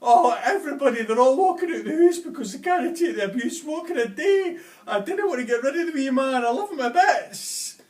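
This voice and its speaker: A man's voice: medium pitch, lively intonation, normal speed, fairly bright tone. A man voicing a heartbroken, lonely customer in a joke, talking in a broad, chatty way; a roomy, distant home video. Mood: frantic.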